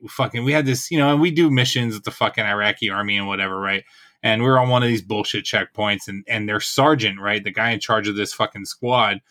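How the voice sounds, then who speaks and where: A man with a bright, forceful voice, talking loosely and profanely on a podcast. He tells his stories with plenty of energy and keeps tagging his points with "right?". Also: mid-range voice. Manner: swears heavily, animated, says "right?" often. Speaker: podcast co-host. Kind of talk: casual profane chat, storytelling.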